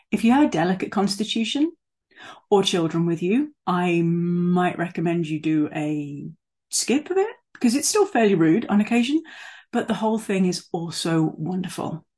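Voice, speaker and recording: Husky, low-voiced woman preaching casually. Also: darkish tone. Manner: conversational, with fillers and asides. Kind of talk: sermon.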